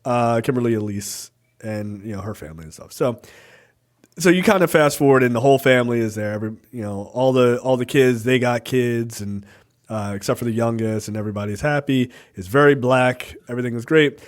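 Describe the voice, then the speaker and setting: A man's voice: medium pitch, a little fast. Laid-back cursing podcast host, male. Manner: profane, laid-back storytelling. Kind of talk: casual movie review chat.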